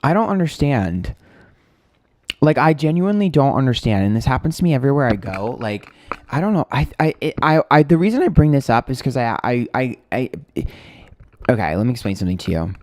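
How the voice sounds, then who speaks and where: A man's voice: mid-range voice, animated, quick pace, a little mellow, dry recording, studio quality. A young man who reads tarot, rambling through a story in casual chat, swearing freely and sounding exasperated. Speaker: tarot reader and streamer.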